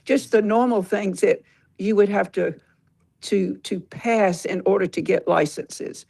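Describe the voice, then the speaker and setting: A woman calling in to a live political audio chat, rambling and earnest with many pauses. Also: mid-range voice, gravelly, mellow. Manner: rambling, earnest, halting with fillers. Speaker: caller. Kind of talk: call-in comment on a live audio room.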